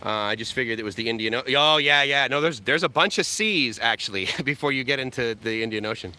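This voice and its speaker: This American live-stream host talks fast at a medium pitch, animated and sharp yet smooth, while walking a seaside walkway. He records on a selfie-stick camera, rambling, joking with viewers and frequently chuckling.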